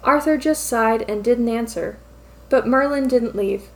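A woman reading fan fiction aloud as narrator in an even, steady storytelling manner. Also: a little high, a little slow.

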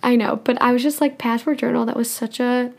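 Young woman, casual podcast chat, higher voice, laughs a lot. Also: steady tone, brisk, gravelly. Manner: chatty, laughs often, says "like" a lot. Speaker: podcast co-host.

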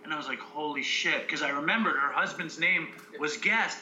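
A man co-hosting a podcast, telling stories in a profane, animated, casual way. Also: fairly high pitch, moderate pace, echoey room, dull audio, a little hiss or hum. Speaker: podcast co-host. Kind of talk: casual chat.

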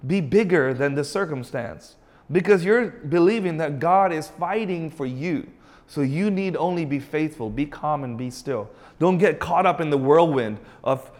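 A man preaching a sermon, emphatic and asking his listeners rhetorical questions, and drawing out key phrases slowly. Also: on the high side. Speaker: pastor.

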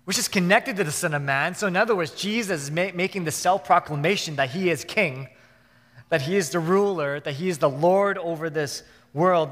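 A male pastor with a fairly high voice delivers an earnest sermon, often doubling back to repeat and restart his phrases. His words ring out with a long reverb, as in a church sanctuary. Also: a little fast, a bit bright.

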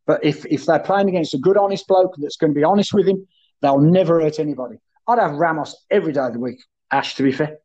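Husky sweary man telling stories. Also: fairly high pitch, fast talker, dark tone, dull audio. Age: 30s then, now older. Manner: boisterous, sweary anecdotes, keeps addressing the host by name. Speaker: guest, former footballer. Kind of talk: casual storytelling chat.

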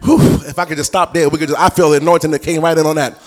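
Male preacher, animated sermon, sing-song cadence, acts out dialogue, fairly high voice. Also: very fast.

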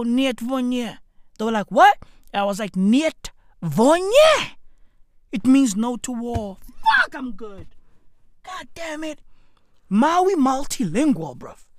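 Female podcast host from Africa, profane comic rant; high, very animated, dry close sound. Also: no echo. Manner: excitable, swears a lot, slangy, laughs often; leaps between loud highs and low mutters.

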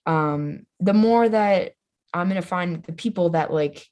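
A young woman speaks as a guest on a podcast, her voice sitting a little on the low side. She talks loosely and casually, with a constant "like" and plenty of swearing. Her manner is loud, playful and bluntly honest. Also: a little slow. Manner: chatty, says "like" constantly, swears freely. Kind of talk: casual conversation.

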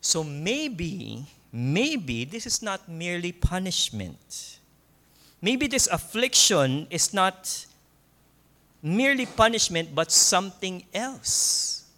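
A man with a Filipino accent preaching a sermon in a church, slow and emphatic, repeating key points and laughing softly now and then. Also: high-pitched, sing-song. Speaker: pastor.

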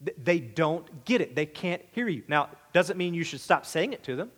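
High-voiced man preaching in a hall. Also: expressive, normal speed, fairly bright tone. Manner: emphatic, conversational preaching with repeated words. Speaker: pastor. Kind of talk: sermon.

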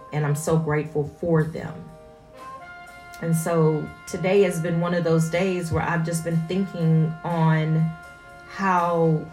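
A woman in her forties, a mother, speaking in an earnest, reflective personal monologue and stressing points through repetition. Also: fairly low pitch.

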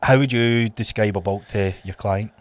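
A man's voice: on the low side, moderate pace, no room sound. Swearing Scottish man on a podcast. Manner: blunt, swears often, animated storytelling. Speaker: podcast co-host and trainer. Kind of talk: casual podcast chat.

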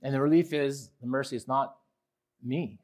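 A male pastor preaching a sermon, swinging from quiet reflection to loud, impassioned pleading. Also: steady tone, moderate pace. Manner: impassioned preaching, rising loud when voicing the psalmist; drops low and quiet on reflective points.

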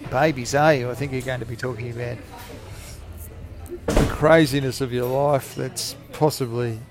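A man's voice: medium pitch, steady tone, normal speed, over music. A man in his forties, hosting a rambling, jokey, self-mocking solo podcast recorded in a cafe. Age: 40s. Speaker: podcast host.

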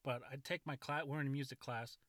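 A man's voice: mid-range voice, fairly even intonation, fast, fairly bright tone, no echo. Man, 30s, casual profane storyteller, rambling delivery, dry recording. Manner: rambling, profane, laughing often.

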